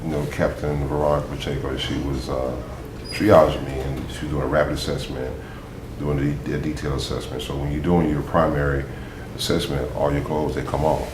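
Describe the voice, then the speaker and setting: A man's voice: extremely low pitch, little pitch movement, a little fast. A man, a veteran guest, telling a humorous, laid-back story about being wounded. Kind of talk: casual storytelling. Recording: echoey room, faint noise.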